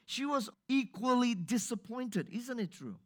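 A man's voice: very high voice, animated, measured pace. A man preaching a sermon to a live congregation in church, talking conversationally and putting questions straight to his listeners.

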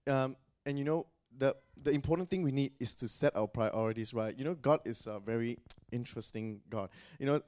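A man's voice: mid-range voice, a little fast, darkish tone. A man preaching a sermon in a loose, conversational way, often saying "you know.".

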